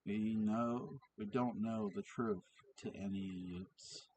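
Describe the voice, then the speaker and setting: A man's voice: lowish voice, steady tone, takes it slowly, darkish tone, a little hiss or hum. A man reading as a stern Irish barmaid. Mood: scolding.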